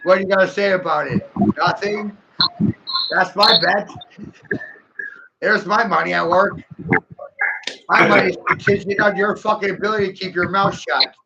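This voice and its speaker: A man with a high, gravelly voice rants in a hostile, taunting way, jeering and sneering line after line. The sound is muffled and lo-fi. A steady hiss of noise sits under him. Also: normal speed, pauses often. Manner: aggressive, mocking, taunting, profane. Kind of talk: solo taunting rant to camera.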